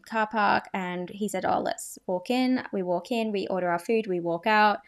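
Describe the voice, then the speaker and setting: A young woman in her twenties talks through her own dating past on a podcast. Her delivery is candid and chatty, full of fillers and asides, and she keeps poking fun at herself. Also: mid-range voice. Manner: self-deprecating, chatty, many fillers and asides. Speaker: podcast host. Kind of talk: candid confessional podcast monologue.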